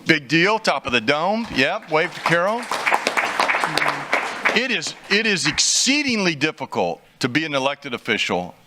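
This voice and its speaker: A man's voice: on the high side, big pitch swings, a little slow, over a noisy crowd, heavy background noise. A middle-aged man, a city council member, giving a rambling, joking, self-deprecating speech at a swearing-in in a council chamber.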